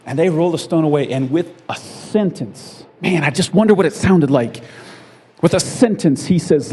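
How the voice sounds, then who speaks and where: A man's voice: a little high, a little slow, a little hiss or hum. A man preaching a sermon in a conversational, storytelling way, often checking in with the congregation and chuckling along the way. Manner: conversational storytelling, frequent "right?" asides; animated, chuckling at his own lines. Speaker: pastor.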